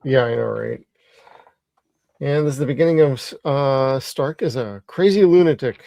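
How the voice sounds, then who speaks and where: A man's voice: mid-range voice, normal speed, vocal fry, dark tone, no echo. A tired man co-hosting a podcast, chatting enthusiastically and swearing casually. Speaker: podcast co-host. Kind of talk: casual chat.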